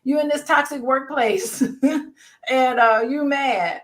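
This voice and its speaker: A woman hosting a live-streamed therapist panel, lively and reading viewer comments aloud. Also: high-pitched, takes it slowly. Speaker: host.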